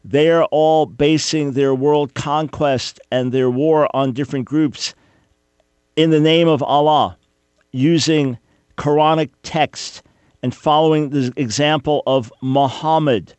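A man's voice: on the high side, fairly even intonation, slow pace, darkish tone, smooth, dry recording. A man hosting a talk radio show, delivering an emphatic, opinionated monologue with sarcastic rhetorical quizzes for his listeners.

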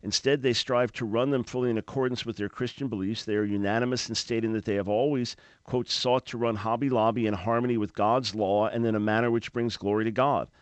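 A man's voice: mid-range voice, steady tone, fairly quick, few pauses, no echo. A man hosting a religious radio talk show, speaking in an emphatic preaching manner and often repeating words as he starts a phrase.

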